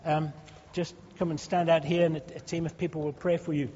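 High-voiced pastor praying fervently in a hall. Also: male voice, little pitch movement, a little fast, mellow, husky. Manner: fervent, repetitive, rising pleas. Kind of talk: leading congregational prayer. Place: church hall. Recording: dull sound with long hall reverb.

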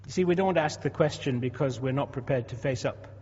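A man's voice: medium pitch, a little fast, a little mellow, husky. A man in his sixties preaching a sermon in a conversational way, asking rhetorical questions and repeating words as he goes. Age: 60s. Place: church. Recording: dull echoey hall recording.

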